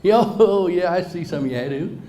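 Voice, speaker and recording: A man's voice: high voice, animated, a little slow, dark tone. A middle-aged man telling a humorous personal story to a live audience, folksy and joking, talking straight to the crowd. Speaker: motivational speaker. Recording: roomy hall reverb, faint noise.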